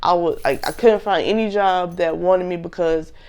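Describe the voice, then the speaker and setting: A woman's voice: on the low side, steady tone, normal speed, darkish tone. A young woman in her twenties casually telling a personal story to viewers, candid and full of slang.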